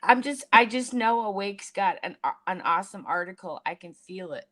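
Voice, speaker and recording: A woman's voice: mid-range voice, lively intonation, moderate pace, crowd noise. A woman on a live-stream panel, chatting casually, giggling and stumbling over words. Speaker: panel guest.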